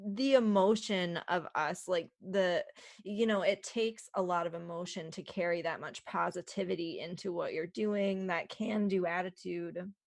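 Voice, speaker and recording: Slow, reflective woman host. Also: lowish voice, steady tone, creaky, no echo, clean studio sound. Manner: reflective, thoughtful questions. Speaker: podcast host. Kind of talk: casual interview.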